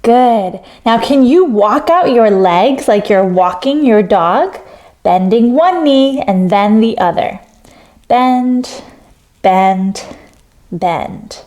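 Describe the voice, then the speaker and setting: A woman leading a children's yoga story, giving slow, soothing instructions with playful animal sounds. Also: a little high, lively intonation, darkish tone. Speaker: kids yoga teacher.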